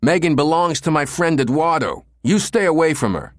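A man performs a crude, cocky young punk who swears and mocks in a raised, brash voice. His delivery is lightly acted, at normal speed with lively intonation, fairly high and pitched above his own voice, in studio-quality audio without echo.

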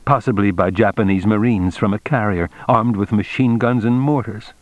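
A man's voice: lowish voice, normal speed, dry recording, highs cut off, close to an everyday voice. A man voicing a tense, formal male trade official who speaks in stiff, clipped phrases. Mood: musing.

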